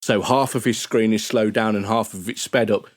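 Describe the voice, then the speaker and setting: A man's voice: fairly low pitch, steady tone, normal speed, dry recording, studio quality. A man chatting as a guest on a podcast, rambling and restarting his sentences. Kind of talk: casual podcast chat.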